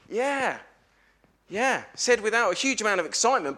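Animated man preaching to families. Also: sits high, moderate pace. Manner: animated storyteller, asks the congregation questions. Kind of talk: lively all-age sermon with questions to children. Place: church.

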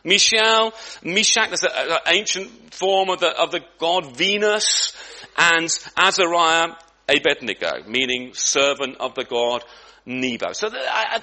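A man preaching in church with a high, bright voice that swoops up and down. He talks in a loose, conversational way, restarting phrases and dropping in asides. His emphasis stays lively throughout. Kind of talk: sermon.

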